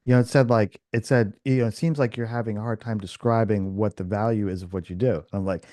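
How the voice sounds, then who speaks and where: Low, mellow man telling a rambling story. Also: fast, no echo, clean studio sound. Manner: rambling, full of restarts and fillers; animated, acts out quoted dialogue. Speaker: podcast host. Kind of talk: casual storytelling chat.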